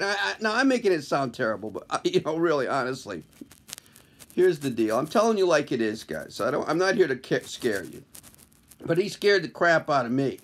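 A man's voice: a little high, sing-song, brisk. A male comedian telling a wry, self-deprecating personal story in a conversational way. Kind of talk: comic personal storytelling to camera.

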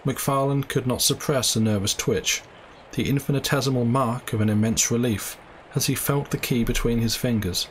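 A man giving a live, measured reading of a classic story as its narrator. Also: mid-range voice, steady tone, slight background noise, poor audio. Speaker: audiobook reader.

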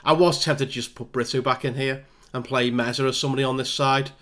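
A man's voice: medium pitch, quick pace. Exasperated man calling a game. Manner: exasperated, animated play-by-play. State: hay fever. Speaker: gaming YouTuber. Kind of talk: live game commentary.

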